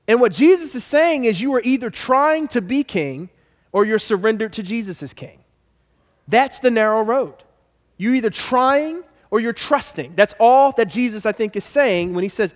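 A man's voice: extremely high pitch, expressive, moderate pace, in a large hall. A man preaching a sermon as pastor, emphatic and repeating his key phrases.

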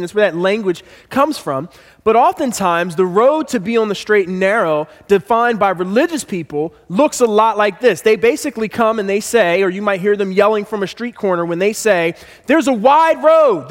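Male pastor with a high voice, emphatic sermon delivery, repeating key phrases, echoing through a big church hall.

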